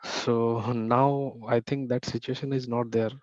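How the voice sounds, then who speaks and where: Brief: man, monotone, hesitant participant, dry lo-fi call audio. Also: medium pitch, dry recording. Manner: hesitant, halting questioner. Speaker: group participant asking a question.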